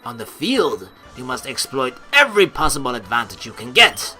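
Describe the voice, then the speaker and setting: A woman voicing a sly, stern male teacher of poison tactics in a visual novel, speaking in a grave, measured, commanding way. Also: very deep voice, very animated, pushed and bright, faint music behind, pitched below the performer's own voice, heavily acted.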